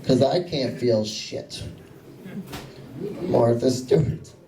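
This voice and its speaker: Deadpan young man doing stand-up. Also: mid-range voice, slow. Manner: deadpan, self-mocking storytelling. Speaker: stand-up comedian. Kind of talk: stand-up comedy set. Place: small comedy club. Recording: echoey room, voice from a distance.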